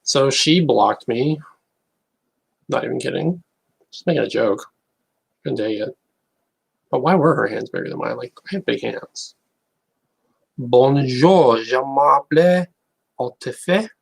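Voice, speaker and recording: Gravelly man rambling to camera. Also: mid-range voice, lively intonation, low-quality recording. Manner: rambling, halting, wry. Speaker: online creator. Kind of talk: casual monologue to camera.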